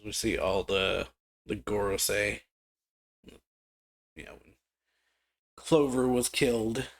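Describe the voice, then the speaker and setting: A man's voice: fairly low pitch, slow pace. Casual man reading a comic aloud. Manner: casual, hesitant, reads quotes aloud with laughs between. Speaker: reaction channel host.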